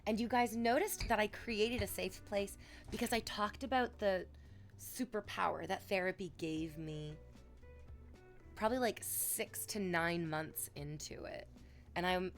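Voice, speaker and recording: A woman streamer telling long candid stories to her chat, rambling and swearing, with sudden dramatic swells. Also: on the low side. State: sick.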